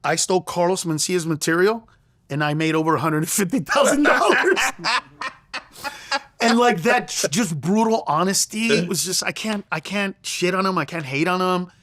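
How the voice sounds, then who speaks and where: A middle-aged male comedian telling a story in an interview, animated and profane, acting out the voices he quotes. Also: high-pitched, moderate pace, dry recording, clean studio sound. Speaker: comedian guest.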